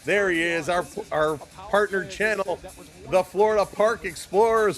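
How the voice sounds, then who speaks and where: A man with a high voice calls the action as a live-stream host in a loose, chatty way. He rattles off play-by-play and breaks off to greet viewers by name. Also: a bit bright, faint music behind. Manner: rapid play-by-play calling of hockey action.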